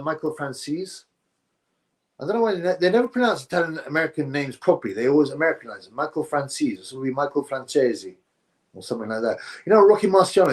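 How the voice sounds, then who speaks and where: Male stream host, relaxed rambling chat delivery. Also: a little high. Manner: rambling, drifts between topics, says "bro" often. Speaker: livestream host reading chat. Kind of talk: casual live-stream chat.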